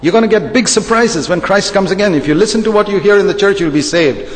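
A man preaches with emphatic repetition and pointed rhetorical questions. His voice sits a touch high for a man. It rings out with a long reverb through a church hall. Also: fast. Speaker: pastor. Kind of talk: sermon.

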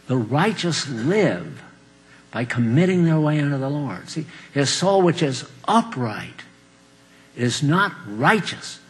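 An older man delivers a sermon in a folksy, conversational way. His voice sits a little high for a man. He chuckles often, hammers his key phrases loudly and then drops to soft, confiding asides. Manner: folksy, chuckling, swings between loud emphasis and quiet asides. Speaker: preacher.

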